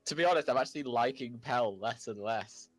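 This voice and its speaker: A man's voice: medium pitch, brisk, music in the background. A man playing a tabletop game, chatting casually and pushing the group back on track. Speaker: player.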